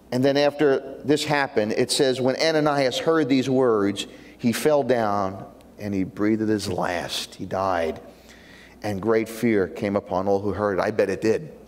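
A man preaching a sermon to his church, swinging from emphatic outbursts to low, quiet asides. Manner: animated, rising to emphatic peaks and dropping low for asides. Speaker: pastor. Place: church sanctuary. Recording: long church hall reverb.

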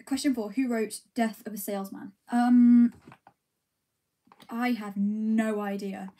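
A woman's voice: a little high, steady tone, takes it slowly, mellow. A young woman chatting casually on a livestream while eating ice cream, reading comments and answering in a rambling, giggly, self-deprecating way. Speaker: streamer.

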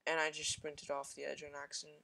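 A gamer giving casual commentary over their own shooter gameplay, thinking aloud, mocking their own play and repeating quick exclamations between fillers. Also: mid-range voice, completely flat delivery, vocal fry, bright, forceful tone.

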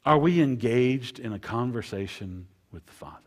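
A man preaching a sermon as pastor, repeating phrases and swinging between loud emphasis and hushed lines. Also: medium pitch, lively intonation, normal speed.

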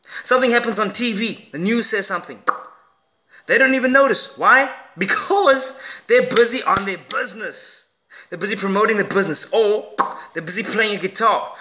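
A man delivering an emphatic, animated motivational vlog monologue, swearing casually as he talks. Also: sits high, a little fast, slight background noise. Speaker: motivational vlogger.

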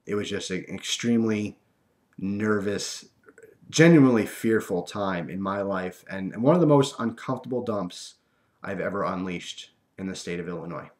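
Young guy with a lowish voice telling a story to the camera, lots of ums and restarts. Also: normal speed. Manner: animated, with frequent fillers and restarts.

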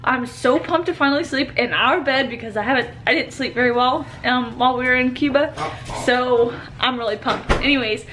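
A bubbly young woman talks straight to the camera in a casual vlog, her voice pitched high and quick to break into laughter. She films on the go from a car, with a faint hum of noise behind her. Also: fairly bright tone. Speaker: vlogger. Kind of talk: casual travel vlog chat. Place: in a car and outdoors at night.

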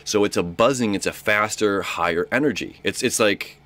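A man's voice: lowish voice, normal speed, fairly bright tone. A young man giving a casual, rambling horoscope talk as an astrologer, repeating himself and acting out little dialogues.

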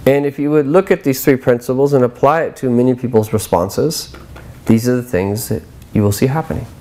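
A middle-aged man giving a patient lecture on scripture, explaining points step by step and reciting verses quickly in a chanting tone. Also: medium pitch, warm tone. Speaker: religious teacher.

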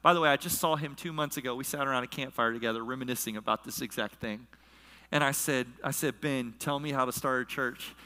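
A man's voice: mid-range voice, fast, sharp tone, clean tone. A middle-aged male pastor preaching a sermon, telling a personal story and acting out the people in it. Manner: storytelling, acts out quoted voices. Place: large church hall. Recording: long reverb of a large hall.

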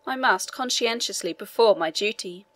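A man's voice: sits high, normal speed, fairly bright tone. A woman reading the part of a tired, faintly condescending man, a prison inspector, in an audiobook. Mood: curious, raised.

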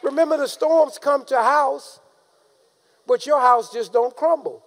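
A man preaching a sermon, calling out to the congregation and rising into shouted emphasis. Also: very high-pitched, measured pace, a faint crowd. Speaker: pastor.

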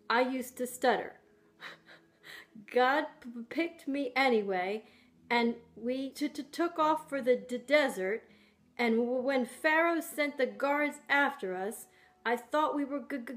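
A woman's voice: a little high, fairly bright tone. A woman voicing an ancient male prophet who stutters and speaks reassuringly. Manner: stutters on words.

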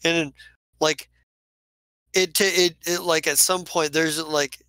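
A man narrating a tabletop game as game master, rambling through his scenes. His voice is a touch high, bright and crisp. The sound is dry and close. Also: steady tone, slow pace, no room sound, rough recording. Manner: rambling, many restarts, laughs often. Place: home studio stream.

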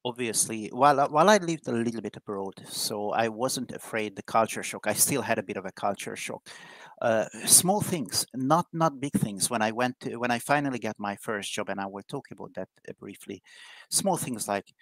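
A man's voice: fairly low pitch, expressive, normal speed, a bit bright, no echo, rough recording. A man from Hungary, a guest in a live interview, speaking candidly with frequent restarts. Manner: repetitive restarts, chatty and candid. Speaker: guest, IT professional.

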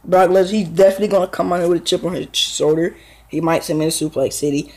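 A young gaming YouTuber narrates his own wrestling video game match in a fast, high voice. His play-by-play is casual, slangy, and excitable, full of fillers, and the recording quality is low.

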